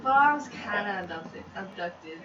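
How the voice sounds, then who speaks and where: Giggly woman, lively pitch, roomy and distant. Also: normal speed. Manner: giggly, rambling, laughs often. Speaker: tabletop game player. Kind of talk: casual chat and in-character play. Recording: roomy, distant, muffled home recording with loud noise.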